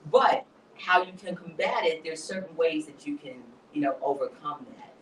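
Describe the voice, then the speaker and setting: A poet speaking as a guest in a live onstage interview, an animated storyteller who mixes motivational talk with laughter. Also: male voice, on the high side, moderate pace, echoey room, far from the mic, slight background noise, rough recording. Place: hall at a live event.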